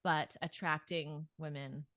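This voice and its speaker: A woman's voice: low-pitched, steady tone, slow pace, a bit bright, no room sound, clean studio sound. A woman co-hosting a podcast, talking casually, thinking aloud with fillers and laughing easily. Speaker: podcast co-host.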